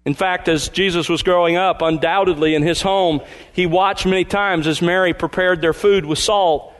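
A man preaching a sermon, slowing down and leaning hard on key words for emphasis. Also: high-pitched, fairly even intonation, a bit bright, clean tone. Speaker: pastor.

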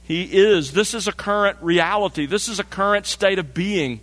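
A man delivers a measured expository sermon, slowing deliberately to stress each key phrase. His voice sits a little higher than most men's. The sound carries a long reverb, as in a large church hall. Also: a bit bright. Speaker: pastor.

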